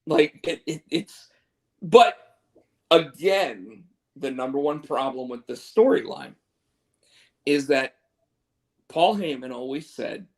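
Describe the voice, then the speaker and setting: Man, somewhat high voice, very lively pitch, casual wrestling chat, swears. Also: takes it slowly, pauses often. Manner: animated, swears, acts out quotes. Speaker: podcast co-host.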